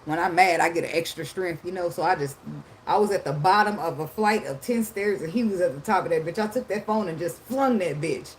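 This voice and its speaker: A woman's voice: on the low side, a little fast, a little hiss or hum. A woman tarot reader talking casually in a blunt, profane way, laughing often. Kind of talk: casual unscripted monologue.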